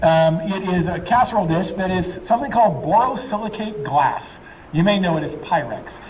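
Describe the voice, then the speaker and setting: A man with a fairly high voice gives a chatty, filler-laden chemistry demonstration. The mic sits some distance from him, and a faint background hiss runs underneath. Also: expressive, normal speed, a little mellow. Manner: chatty, explanatory, many fillers. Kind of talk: live science demonstration.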